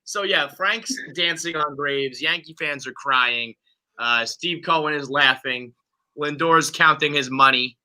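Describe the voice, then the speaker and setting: A man hosting a sports podcast with a very bright, high-pitched voice. He rants profanely and with heat about his team, like a fired-up fan. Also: unhurried, low-quality recording. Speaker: podcast host. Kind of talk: casual sports podcast chat.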